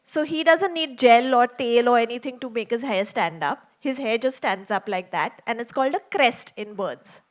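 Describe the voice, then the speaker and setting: High-voiced woman telling stories to children. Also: moderate pace, few pauses. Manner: chatty, asks the children many questions. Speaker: children's storyteller. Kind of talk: storytelling session for children. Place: small theater before a young audience.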